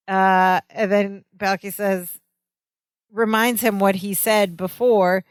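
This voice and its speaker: A woman's voice: medium pitch, level tone, slow pace, smooth, dry recording. A woman co-hosting a podcast, chatting casually as she retells a sitcom episode and quotes the characters with animation. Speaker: podcast co-host. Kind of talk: casual chat recapping a sitcom.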